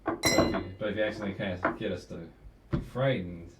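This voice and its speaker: A man's voice: deep voice, quick pace, far from the mic, very noisy. A man playing a tabletop game, talking in a hesitant, tentative way. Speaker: player. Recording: echoey room, off-mic.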